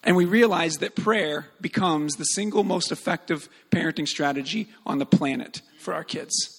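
High-voiced man preaching in a hall. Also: moderate pace, husky. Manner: earnest, animated storytelling with many fillers. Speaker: speaker on parenting. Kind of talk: sermon-style talk.

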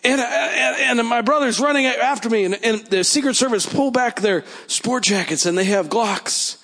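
A high-pitched man preaching a sermon testimony in a large hall, with the sound ringing in a long reverb. He tells his story with animation, often repeating words as he goes. He acts out the lines he quotes. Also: normal speed, a bit bright.

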